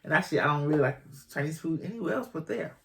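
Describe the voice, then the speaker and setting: A woman's voice: low-pitched, lively intonation, rapid-fire, vocal fry. A woman in her fifties from Boston with a Boston accent, chatting casually and teasing her husband on their couple's channel, laughing often. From Boston, USA. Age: 50s. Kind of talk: casual chat.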